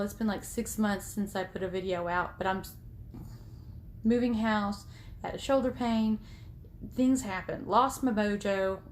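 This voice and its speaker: A woman's voice: mid-range voice, a little hiss or hum. A woman in her thirties or forties, a sewing vlogger, giving a chatty, rambling tour of her small home sewing room while filming on her phone. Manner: chatty, rambling, self-deprecating. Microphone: phone held at arm's length.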